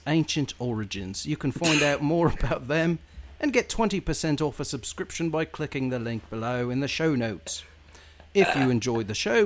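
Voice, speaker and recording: A man's voice: medium pitch, fairly bright tone, lightly acted. A man putting on a hammy British accent to read a podcast's closing credits. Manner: hammy, playful sign-off.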